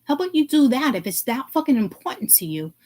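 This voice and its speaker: A woman's voice: high voice, big pitch swings, fast talker, low-quality recording. Woman ranting, profane and heated. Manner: profane, heated and blunt, swings from hushed to loud. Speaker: vlogger. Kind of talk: ranting to camera.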